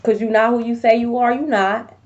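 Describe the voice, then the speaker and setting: A woman giving a casual tarot reading to viewers, blunt and profane, with sudden loud outbursts. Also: fairly high pitch, fairly even intonation, fairly quick, muffled recording. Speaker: tarot reader.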